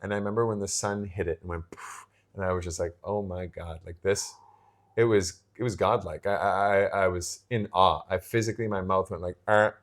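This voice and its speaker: A man with a lowish voice co-hosts a relaxed podcast conversation. He tells reflective stories, often restarting his sentences and leaning on fillers as he goes. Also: brisk. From Pacific Northwest coast. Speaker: podcast co-host. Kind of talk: casual chat.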